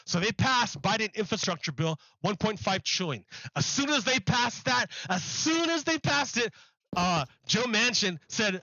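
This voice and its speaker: High bright-voiced man ranting on stream. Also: lively intonation, moderate pace, no echo, highs cut off. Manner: emphatic, repeats himself, mocking. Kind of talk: live-stream political rant.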